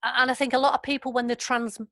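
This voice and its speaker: A woman's voice: high-pitched, flat delivery, fast talker, fairly bright tone, no echo. Woman running an online workshop, chatty, dry close sound, keeps saying absolutely. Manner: chatty, affirming, laughs often. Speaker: workshop facilitator. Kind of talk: online group training session.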